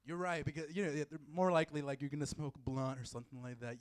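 A man's voice: a little high, steady tone, quick pace, hardly any pauses, clean tone. A man preaching a casual youth sermon, with playful asides and jokes to the audience. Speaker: youth pastor.

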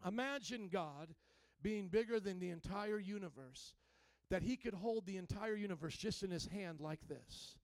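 A man's voice: high-pitched, dry recording. A male pastor giving a sermon to his congregation, talking casually and putting many questions to the listeners. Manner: conversational, asks the congregation questions; casual informal phrasing. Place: church.

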